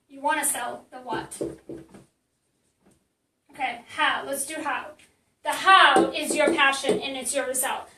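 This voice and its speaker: A woman's voice: sits high, bright, forceful tone, roomy sound, recorded from a distance, rough recording. A woman marketing coach teaching in a casual live stream, chatty and blunt, with many fillers and restarts.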